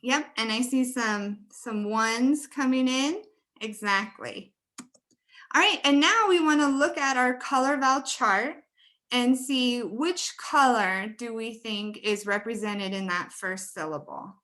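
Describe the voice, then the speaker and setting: A woman with a bright, high-ish voice runs a webinar on pronunciation over a computer mic. She stretches out words slowly and carefully so listeners can copy them. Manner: slow, careful modeling of words. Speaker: teacher trainer. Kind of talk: webinar teaching.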